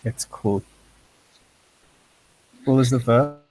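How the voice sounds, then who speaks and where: A man teaching a casual lesson over a voice call, halting with fillers and short laughs. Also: mid-range voice, a little mellow, slightly rough, poor audio. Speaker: language teacher.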